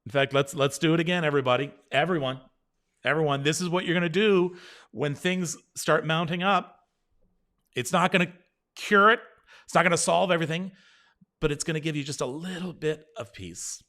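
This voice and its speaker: A middle-aged man hosts a live show, speaking straight to his viewers in a reassuring, encouraging way. His voice sits at an ordinary middle pitch as he reads out their comments and talks them through a slow breathing exercise. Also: a bit bright. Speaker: host.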